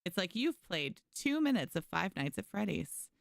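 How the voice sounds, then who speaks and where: A young woman with a lowish, creaky voice speaks at normal speed while streaming a game. In a chatty, animated way, she reads the chat aloud and thanks her viewers. The studio-quality recording has no echo.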